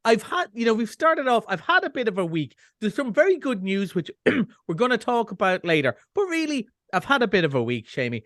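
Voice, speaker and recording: A man's voice: high voice, very animated, a little fast, hardly any pauses, a bit bright, no room sound, studio quality. A middle-aged Irish man reviewing films on a radio show over a video call, chatty, wry and self-mocking. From Ireland. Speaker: film reviewer. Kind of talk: casual radio chat.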